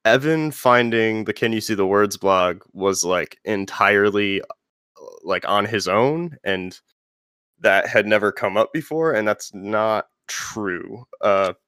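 A male podcast host talks in a loose, rambling way, padding his thoughts with fillers. His voice sits low and smooth. The recording is dry and close. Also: sharp tone, no echo. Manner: rambling, filler-heavy and conversational. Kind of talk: casual podcast chat.

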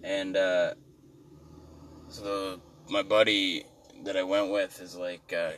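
Deep-voiced man on a profane rant. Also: little pitch movement, slow, a bit bright, distant mic, slight background noise. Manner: rambling, profane, exasperated. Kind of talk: comic rant.

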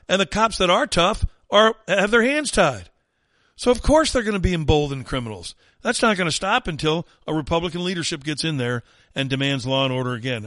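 A man's voice: fairly high pitch, fairly bright tone, no room sound, clean studio sound. Indignant man ranting on talk radio. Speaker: radio talk show host. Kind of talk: opinionated talk radio monologue.

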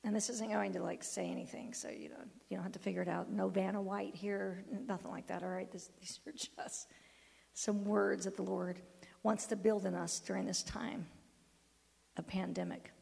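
A woman's voice: medium pitch, level tone, normal speed, vocal fry, darkish tone, slightly rough. A woman pastor preaching a sermon in a conversational, emphatic way. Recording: long hall reverb.

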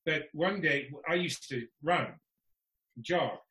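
A man's voice: fairly high pitch, slow, pushed and bright. A man talking as a podcast guest in casual conversation, wry and frank, laughing often. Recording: echoey room.

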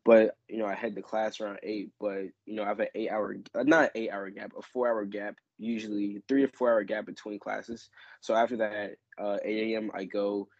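A young man, a college student, talking in a relaxed, rambling way in a casual group chat, with some self-mocking sarcasm. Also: fairly low pitch, fairly quick, no echo, highs cut off. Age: young adult.

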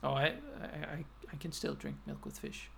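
A man's voice: fairly high pitch, huge pitch swings, moderate pace, gravelly, a bit bright, a little hiss or hum. An Icelandic man co-hosting a podcast, chatting casually and hesitantly, with lots of restarts. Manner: hesitant, full of restarts and fillers, laughs easily. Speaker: podcast co-host. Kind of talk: casual chat.

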